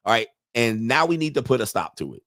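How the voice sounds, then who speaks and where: A man's voice: mid-range voice, very animated, fast, fairly bright tone, no echo, clean studio sound. Profane, laughing male podcast host. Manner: rambling, profane, laughs often. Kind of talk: casual live-streamed commentary. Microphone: computer mic and webcam.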